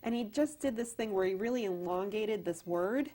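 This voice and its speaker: A woman actress talks as a guest in a casual interview. She tells her stories with animation, stumbling and restarting as she goes. Her voice sits at an ordinary middle pitch. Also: moderate pace. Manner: animated storyteller, many restarts.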